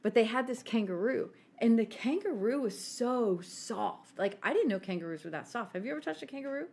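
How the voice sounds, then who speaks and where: A woman co-hosting a podcast, telling a story in an animated, giggly way and acting out the quotes. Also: fairly high pitch, a little fast, vocal fry. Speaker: podcast co-host. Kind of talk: casual storytelling chat.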